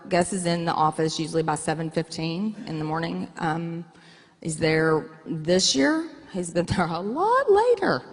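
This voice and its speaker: A woman's voice: lowish voice, big pitch swings, unhurried, slightly rough. A woman in her forties telling frank, joking stories about her family and her coach husband to an audience. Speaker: coach's wife, guest. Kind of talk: candid storytelling to an audience. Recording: echoey hall.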